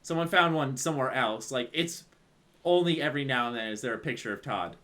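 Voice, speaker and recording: Excitable swearing man telling stories. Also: medium pitch, a little fast. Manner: excitable storyteller, swears casually. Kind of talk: casual chat.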